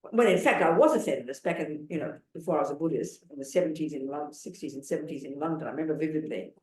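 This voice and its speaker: A woman's voice: sits low, racing, darkish tone. A woman in her seventies, a Buddhist nun giving a dharma talk in a blunt, emphatic way, pressing her listeners with rhetorical questions. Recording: roomy hall sound.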